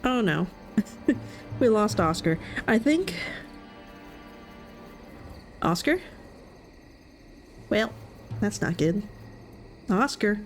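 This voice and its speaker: A woman's voice: mid-range voice, animated, extremely slow, pauses often, faint music behind. A woman giving casual, jokey commentary while playing through a game, reacting with nervous laughs. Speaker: gaming video creator.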